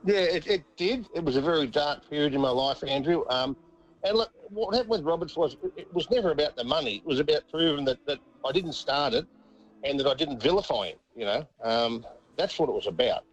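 Fairly high-pitched and lively, this middle-aged Australian man talks a bit fast on lo-fi audio. He played rugby league and now recounts stories as a guest in a casual interview, chuckling and doubling back on words.

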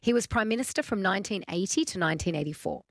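An Australian woman hosting talkback radio in a casual, friendly way, chatting easily with callers. Her mid-pitched voice has a gravelly edge, and the studio sound is dry and close. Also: animated, fast, no echo. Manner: friendly, chatty, laughs often. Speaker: radio host.

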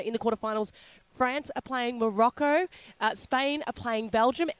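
Chatty Australian woman reporting live. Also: a little high. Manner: chatty and laughing, quick asides. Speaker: field reporter. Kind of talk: live radio cross. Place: at a roadside hotel.

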